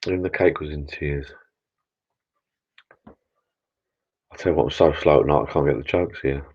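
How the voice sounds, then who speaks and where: Man, middle-aged, very low voice, rambling jokey live-stream host, dull lo-fi sound. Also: a little slow, a little mellow, husky. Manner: rambling, jokey, repeats words. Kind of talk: casual live stream chat. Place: backyard garden bar shed.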